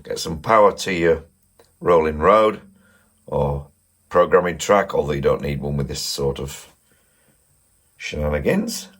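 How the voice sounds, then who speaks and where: Man, Yorkshire accent, middle-aged, deep voice, chatty casual review, rambling. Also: breathy edge. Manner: chatty, rambling, asks viewers questions. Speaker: model railway channel host. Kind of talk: casual product review talk.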